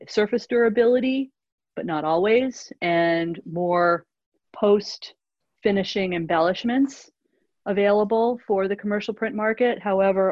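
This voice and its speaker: A woman's voice: on the low side, dry recording. A woman answering audience questions in a webinar, hesitant, with many fillers and restarts. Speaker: industry analyst answering questions. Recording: dull lo-fi webinar audio.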